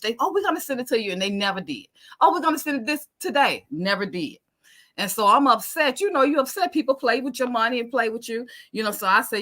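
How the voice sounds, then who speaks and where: A woman tells a story with great animation, jumping between her own voice and the people she quotes. Her tone is bright and forward, and the telling is expressive and conversational. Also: medium pitch. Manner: expressive, acts out dialogue, Southern American speech patterns. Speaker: guest giving testimony.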